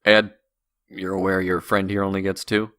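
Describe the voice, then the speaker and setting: A man voicing a blunt middle-aged bartender who speaks in a gruff, matter-of-fact way. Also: sits low, level tone, normal speed, fairly bright tone, no echo.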